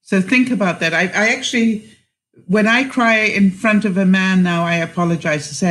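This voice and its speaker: A woman's voice: mid-range voice, moderate pace, a bit bright. A middle-aged woman vlogger on a live stream, reading viewers' comments aloud and giving them chatty life advice by name. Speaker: vlogger answering live chat.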